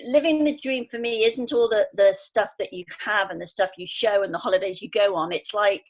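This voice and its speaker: A woman in her fifties from England, speaking as a guest on a conversational podcast. She tells her stories in an animated way and brings the people she quotes to life in her voice. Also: medium pitch, brisk. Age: 50s.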